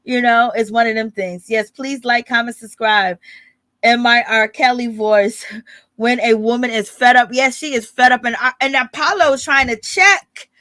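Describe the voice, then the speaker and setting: A woman's voice: fairly high pitch, a little slow, no room sound. A woman hosting a casual live stream about reality TV, greeting chat viewers and acting out what the cast said. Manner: animated, greets chat viewers, acts out quotes. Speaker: reality TV commentary host.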